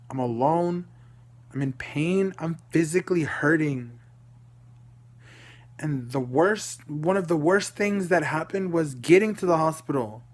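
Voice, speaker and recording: Young adult man vlogger, somewhat high pitch, emotional storytelling, repeats himself, swears. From Dallas, Texas. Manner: rambling, repeats words, swears.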